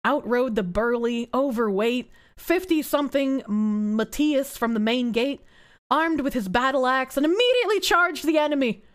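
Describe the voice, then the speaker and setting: A woman's voice: high-pitched, lively intonation, moderate pace. A young adult woman streamer reading history aloud and breaking off for sarcastic, swearing asides to her chat.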